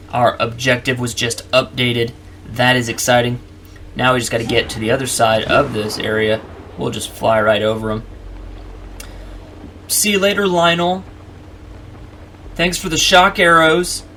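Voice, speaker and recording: A man's voice: mid-range voice, gravelly, fairly bright tone, a little hiss or hum. A man hosting a let's play, chatting casually and narrating each move to the viewer. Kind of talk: casual gameplay commentary.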